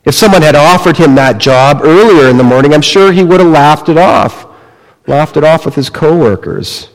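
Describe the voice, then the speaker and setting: A man preaching a sermon, retelling a story slowly and dramatically, dropping to a hush and rising again. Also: on the high side, lively intonation. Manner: slow, dramatic storytelling with wide swings in loudness. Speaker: pastor. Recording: long reverb of a large hall.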